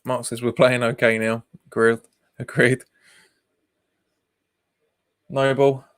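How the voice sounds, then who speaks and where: A man's voice: medium pitch, level tone, slow pace, a bit bright, clear, resonant tone. A man, hosting a football watch-along stream, chatting casually, laughing often and reading out viewer comments. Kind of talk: casual live commentary and chat.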